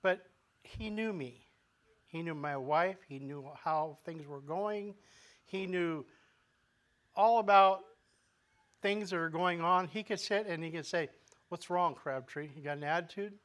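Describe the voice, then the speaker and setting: A man's voice: high-pitched, takes it slowly, pauses often, fairly bright tone. A male pastor preaching a sermon in a conversational way, asking the congregation rhetorical questions and often repeating words as he goes.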